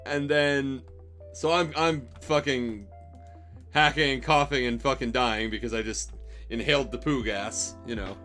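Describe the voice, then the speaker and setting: A man's voice: mid-range voice, unhurried, sharp tone, faint music behind. A young man telling a rambling, profanity-laced story about a bad job, exasperated and wry. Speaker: streamer telling stories. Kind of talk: casual storytelling.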